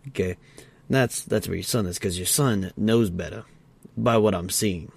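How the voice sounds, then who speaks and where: A man co-hosting a podcast, retelling an argument in a casual, halting way with restarts. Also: low voice, gravelly, slightly rough. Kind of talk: casual role-play storytelling.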